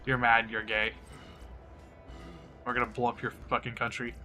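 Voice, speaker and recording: A man's voice: mid-range voice, monotone, normal speed, sharp tone, faint music behind. A young man streaming a game, ranting in a crude, mocking way and laughing often. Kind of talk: casual game-stream rant.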